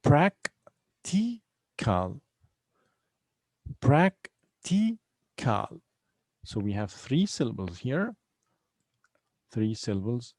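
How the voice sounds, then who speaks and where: In a dry, low-quality recording, a man with a fairly low, mellow voice teaches English vocabulary online. He is very animated yet a little slow, with long pauses, patiently repeating words and splitting them into syllables to drill clear stress.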